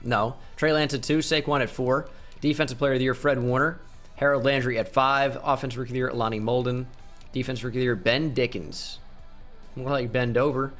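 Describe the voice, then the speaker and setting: A man talks over his own gameplay, rattling off numbers quickly and throwing in jokes. He gets excited when his team pulls ahead. Soft music plays faintly underneath. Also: medium pitch. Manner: rattles off stats with joking asides. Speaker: gaming channel host. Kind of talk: casual video game commentary.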